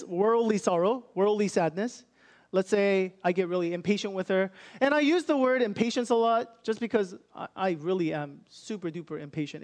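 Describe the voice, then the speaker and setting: Man, young adult, pastor, high voice, earnest conversational sermon. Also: darkish tone. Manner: earnest, conversational, acts out inner thoughts.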